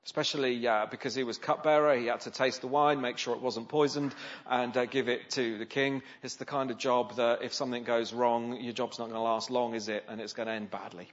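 A man's voice: medium pitch, fairly even intonation, brisk, few pauses. A man preaching a sermon in a conversational way, often asking the listeners rhetorical questions. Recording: slightly dull, lo-fi sound.

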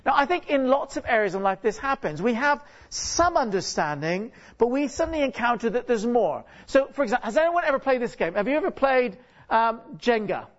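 On a church stage, a man preaching as a guest speaks briskly in an extremely high voice with big pitch swings. He's jokey and chatty, constantly asking the congregation rhetorical questions and frequently repeating words or starting sentences over, all in dull lo-fi sound.

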